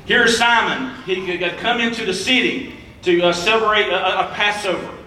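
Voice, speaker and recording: A young male preacher reading scripture aloud in a sermon, halting often with filler sounds. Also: sits high, fairly even intonation, pushed and bright, a little hiss or hum. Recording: echoey room, mic at a distance.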